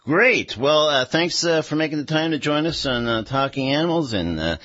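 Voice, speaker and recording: A man hosting a radio show, relaxed and full of fillers, reading local news and introducing a guest. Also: on the high side, normal speed, highs cut off. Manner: relaxed, filler-heavy, lively intonation. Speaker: radio host. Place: radio studio. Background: faint instrumental music.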